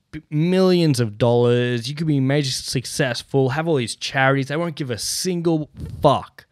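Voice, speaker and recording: A man's voice: mid-range voice, dry recording, studio quality. A man hosting a casual solo podcast, telling stories with lots of swearing, laughing between lines and getting worked up in rants. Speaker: podcast host.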